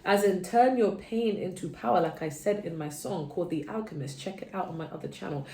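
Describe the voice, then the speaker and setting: A woman giving a casual tarot reading, chatty and sleepy, drifting between low murmurs and sudden bursts of energy. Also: brisk, mellow, roomy sound. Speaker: tarot reader.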